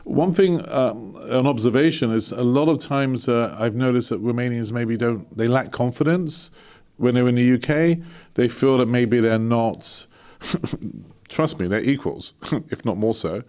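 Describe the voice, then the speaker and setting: Middle-aged london guy, jokey and lively, laughs a lot in a relaxed chat. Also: mid-range voice, unhurried. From England. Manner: jovial, animated, laughs often. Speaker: honorary consul. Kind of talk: casual interview talk.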